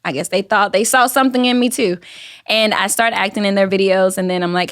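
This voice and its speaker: A woman in her thirties from Alabama with a softened Southern accent, a guest telling her story in a casual interview, acting out the voices of people she quotes. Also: mid-range voice, fast, clean tone, no room sound, studio quality. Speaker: guest, YouTube creator.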